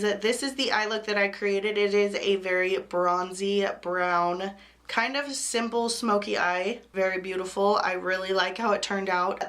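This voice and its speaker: A young woman with a hoarse voice from a cold, chatting through a makeup tutorial and apologizing for how she sounds. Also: mid-range voice, a bit bright. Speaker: beauty vlogger.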